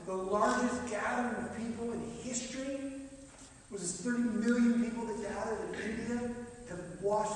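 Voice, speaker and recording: High-voiced preacher in echoey hall. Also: male voice, slight background noise. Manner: animated, acts out dialogue, rising and dropping volume. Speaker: pastor. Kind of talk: sermon. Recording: echoey hall, mic from far off.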